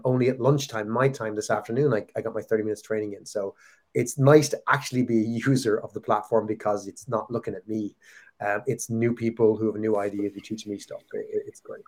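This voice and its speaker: A middle-aged Irish man talking as a podcast guest, chatty and joking with quick asides. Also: medium pitch. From Ireland. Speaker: guest, company founder. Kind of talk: casual podcast conversation.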